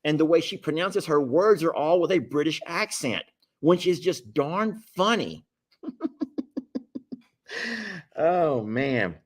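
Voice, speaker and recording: A man's voice: fairly high pitch, lively intonation, a little slow. A middle-aged man with a drawl hosts his live stream. He talks in a folksy, meandering way and chuckles often. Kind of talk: casual live-stream chat.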